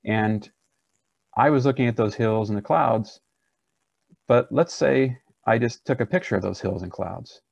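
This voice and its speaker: A man's voice: mid-range voice, a little slow, vocal fry, darkish tone, no room sound, dull audio. A pastor, a man, teaching a seminar on preaching in an earnest, conversational way, often restarting his sentences.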